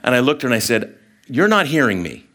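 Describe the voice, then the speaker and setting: A middle-aged man giving a sermon as a story, animated and chatty, full of fillers and restarts, acting out the people in it. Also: medium pitch, fast. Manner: animated storyteller, acts out voices, many fillers. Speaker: guest speaker.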